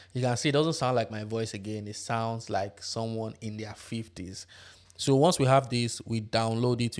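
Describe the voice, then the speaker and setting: A man hosting a tutorial, explaining software steps one by one and checking in with tag questions. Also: mid-range voice. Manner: step-by-step instructive, tag questions. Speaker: tutorial host. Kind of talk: screen-recorded software tutorial.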